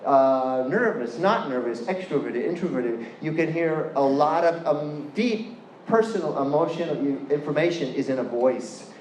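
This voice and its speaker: In an echoey lecture hall with faint room ambience and slight background noise, a Californian-accented guest lecturer asks his audience questions. His fairly high, slightly mellow voice has lively intonation at normal speed, and his tone is playful and chatty.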